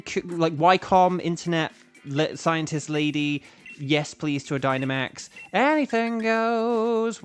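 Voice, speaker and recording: A young British streamer and voice actor chats casually with his viewers while gaming, his voice on the high side, a bit bright and smooth. He rambles with lots of fillers and restarts.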